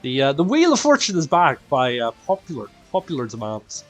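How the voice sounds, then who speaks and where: A male game streamer from Northern Ireland, tired and quieter than usual, talks a little fast in casual live-stream chat as a raid host. His medium-pitched voice has huge pitch swings and a mixed Northern Irish accent, and he's chatty, self-deprecating, and greets viewers by name. Faint music plays behind him.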